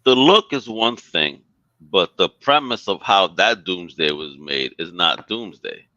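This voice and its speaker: A man's voice: low-pitched, animated, measured pace, sharp tone, no echo, muffled recording. A man co-hosting a casual live talk show, blunt and opinionated, swearing heavily.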